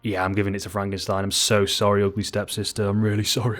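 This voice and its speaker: A young man talks through film awards picks in a loose, rambling way, swearing freely and poking fun at himself. His voice sits fairly low but jumps up high when he gets worked up. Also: completely flat delivery, fast, few pauses, a bit bright, soft background music. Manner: rambling, sweary, self-mocking, jumps into sudden high exclamations. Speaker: YouTube film commentator. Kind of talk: casual unscripted film commentary.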